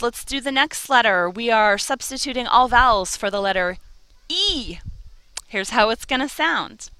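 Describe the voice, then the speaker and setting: A woman's voice: medium pitch, pushed and bright, no echo. A woman teaching a Spanish lesson, encouraging and carefully over-articulating each vowel. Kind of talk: slow, clear language lesson.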